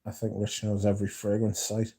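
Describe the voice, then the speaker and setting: A man's voice: on the low side, completely flat delivery, fairly quick, dark tone, slightly rough. A man hosting a casual livestream, reading viewer comments aloud and swearing freely as he chats. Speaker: livestream host reading chat. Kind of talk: casual livestream chat about perfume.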